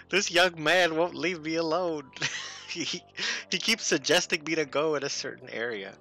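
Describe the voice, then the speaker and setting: A man's voice: a little high, measured pace, creaky, bright, forceful tone, soft background music, pitched above the performer's own voice, full character voice. A man voicing a frightened old woman who is cornered in a video game, pleading for help. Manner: pleading, fretful.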